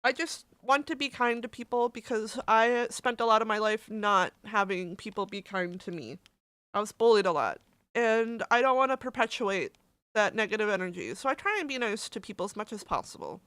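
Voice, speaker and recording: A woman's voice: medium pitch, animated, moderate pace, a bit bright, clean tone, no room sound. A woman streamer chatting casually on a livestream and reading messages aloud, candid and emotional, swearing and laughing easily.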